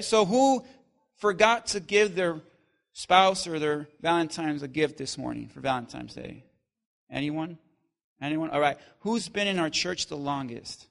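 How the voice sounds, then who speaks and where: Male pastor preaching in church, really high bright voice, gets loud then drops quiet, jokes w the crowd. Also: creaky. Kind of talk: sermon.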